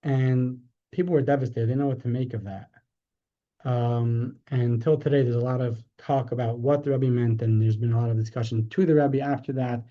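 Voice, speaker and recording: A man teaching a class as a rabbi, telling a story in a conversational way, correcting himself, and growing animated when he makes his point. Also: medium pitch, brisk. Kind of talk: storytelling lecture. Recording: dull lo-fi sound.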